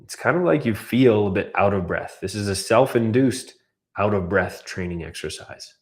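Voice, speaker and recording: A man coaching a guided breathwork class, calmly cueing breaths and counting down holds. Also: fairly low pitch, normal speed. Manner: calm, counts down and cues breaths.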